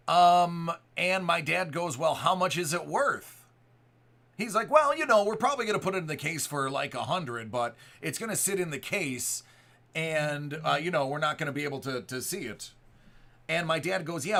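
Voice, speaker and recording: A card break host in his forties from the Buffalo area chats casually and tells a story, rambling with restarts and acting out quotes. His voice is a little high and gravelly, with a sharp tone.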